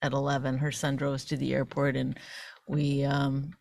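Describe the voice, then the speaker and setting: A woman's voice: a bass voice, monotone, normal speed, vocal fry, a little mellow, dry recording, clean studio sound. A middle-aged woman co-hosting a podcast in casual bickering chat, interrupting and teasing her partner. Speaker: podcast co-host.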